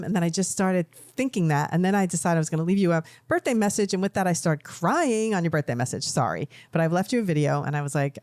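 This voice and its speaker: A middle-aged woman co-hosting a podcast chats casually, telling emotional, rambling stories. Her lowish, slightly mellow voice is expressive and brisk, captured in a dry, clean studio recording.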